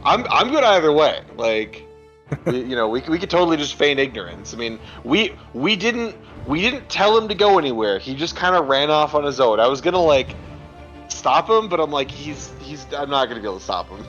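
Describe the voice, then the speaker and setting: A man's voice: fairly high pitch, big pitch swings, moderate pace, a bit bright, soft background music. A man playing a tabletop game, chatting casually and rambling with many fillers. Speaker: player. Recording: dull lo-fi mic.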